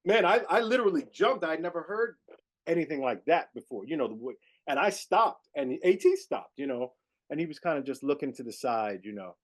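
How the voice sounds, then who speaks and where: A man's voice: a little high, fairly quick. A middle-aged man, a guest jazz saxophonist, telling stories in a casual interview and leaning on "you know" as he talks. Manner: animated storyteller, peppered with "you know".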